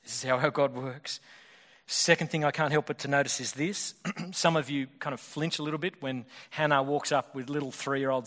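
A male pastor preaching a sermon in a fast, conversational way, often restarting his sentences. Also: mid-range voice, a bit bright. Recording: long hall reverb.

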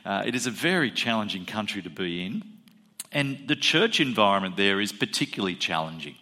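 A pastor addresses his congregation in an easygoing sermon, pausing on fillers and repeating key figures for weight. His voice sits a little low, with a bright, forward edge. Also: sing-song. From Australia.

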